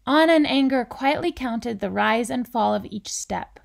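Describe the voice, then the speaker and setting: A woman reading a children's picture book aloud in a gentle, deliberate storytelling manner. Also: on the high side, creaky. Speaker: reader.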